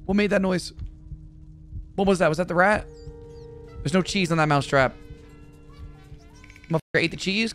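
A man streaming a video game, reacting out loud with swearing and talking to the characters on screen. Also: sits high. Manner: jumpy and excitable, swears, talks to game characters. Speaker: gaming streamer. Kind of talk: let's play commentary.

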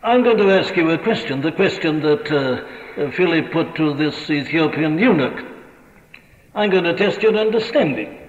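A man's voice: on the high side, expressive, moderate pace. A man with a Welsh accent preaching a sermon, questioning his congregation rhetorically. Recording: old lo-fi radio recording in a reverberant hall.

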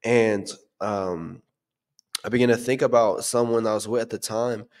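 A young man with a fairly low voice tells his personal testimony. He speaks earnestly and casually, often stopping to search for the right words. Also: steady tone, normal speed.

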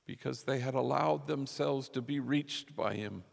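In a large church with long reverb, a man preaches his sermon like a conversational story, acting out what the people in it say. His mid-range voice has vocal fry and a measured pace.

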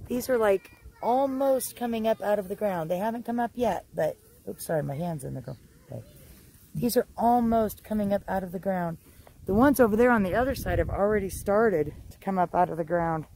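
A woman homestead vlogger chatting outdoors in her garden, gushing and exclamatory, with drawn-out words. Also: a little high, mellow, low-quality recording. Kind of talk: casual excited vlog.

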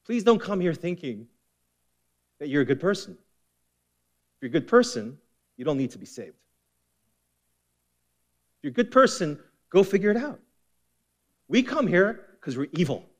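A man preaching a sermon as pastor, impassioned, swinging between forceful emphasis and hushed intensity. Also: a little high, sing-song, measured pace, pauses often.

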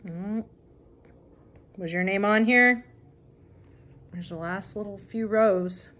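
A vintage reseller hosts her channel, paging through an old catalog and chatting casually, amused and often laughing. Her medium-pitched voice is slow and has a fairly bright tone.

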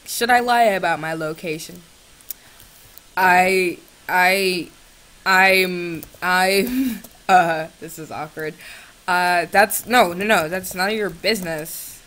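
A woman's voice: fairly low pitch, takes it slowly, a bit bright. A young woman vlogger chatting sarcastically with a chatbot, swinging between shrieks and mutters, on a computer's built-in mic. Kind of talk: casual chat with a chatbot.

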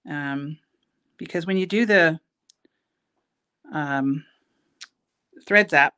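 A middle-aged woman with a deep voice, drawn-out words, and a pushed, bright delivery hosts a casual beading tutorial as a bead shop owner teaching the craft. She's chatty and self-mocking while she works, laughing at her own jokes.

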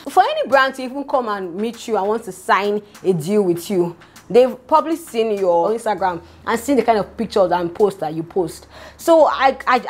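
A young woman with a Nigerian accent, chatting animatedly to her viewers about celebrity gossip. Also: medium pitch. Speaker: vlogger. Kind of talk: casual gossip commentary.

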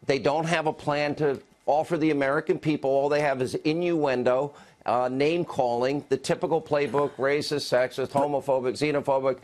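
A man's voice: mid-range voice, fairly even intonation, normal speed, darkish tone. A man hosting a TV interview, giving combative, opinionated commentary. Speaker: host.

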